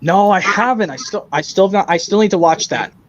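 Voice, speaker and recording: A man hosting a casual online stream chat, talking haltingly with frequent restarts over a voice call. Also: high-pitched, dull audio. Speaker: stream host.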